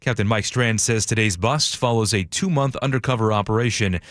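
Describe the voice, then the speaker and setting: A man reading a radio newscast in a crisp, scripted manner. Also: lowish voice, fairly quick, a bit bright, no echo, studio quality. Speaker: news anchor.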